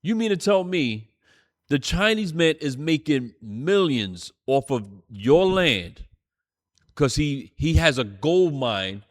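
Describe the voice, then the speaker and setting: A man preaches to a classroom of listeners in a fiery, rambling style, swearing as he goes. His voice sits a little high and swings widely up and down as he builds and drops. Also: big pitch swings, takes it slowly. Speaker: teacher in a church classroom.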